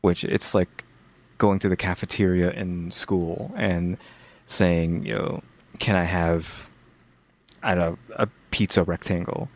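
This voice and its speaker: A man co-hosting a reaction show, commenting in a halting, puzzled way in casual chat. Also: low-pitched, fairly even intonation. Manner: puzzled, halting, with restarts and asides.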